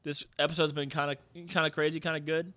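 A man co-hosting a casual food podcast, joking around with deadpan fake announcements. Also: fairly high pitch, fast, dry recording. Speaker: podcast co-host. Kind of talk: casual chat.

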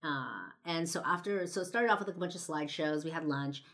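A woman's voice: sits low, a little fast, fairly bright tone. A woman in her twenties telling a personal story in a casual, chatty way, with lots of fillers and some swearing. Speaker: podcast and video host.

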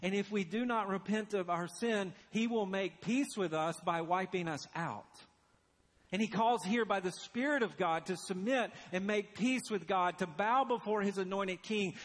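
A man preaching a sermon as pastor, earnest and urgent, dropping to a hushed intensity for emphasis. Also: high voice, in a large hall.

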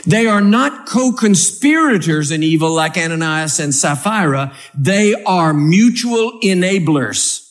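A man's voice: high-pitched, unhurried, few pauses. A male preacher giving a humorous sermon to a live church audience, reading scripture and acting out scenes. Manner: animated storytelling, acts out scenes.

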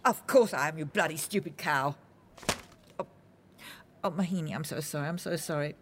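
An actress playing a vain older film star, dramatic and gushing, swinging between sharp and tender. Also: female voice, low-pitched, moderate pace, a little hiss or hum, natural voice.

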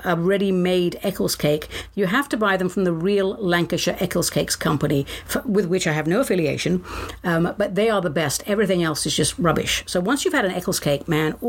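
A woman hosting a solo show in a playful, theatrical way. She has a middle-range voice and reads comic verse aloud, slipping into whispers for effect. She sounds middle-aged. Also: medium pitch. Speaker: podcast host.

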